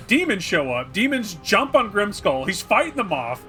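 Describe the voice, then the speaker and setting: A bright, slightly high male voice rambles enthusiastically through a game recap, jumping into little acted scenes along the way. Faint music plays underneath the casual chat. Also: normal speed, hardly any pauses. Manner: rambling and animated, acting out scenes. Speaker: co-host.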